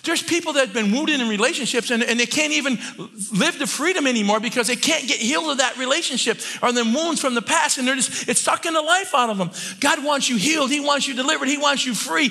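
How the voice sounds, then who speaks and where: A man, a church elder, preaching a sermon with passion, moving from quiet talk to shouting and often restarting his sentences. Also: extremely high pitch, brisk, gravelly. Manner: many restarts and repeated words.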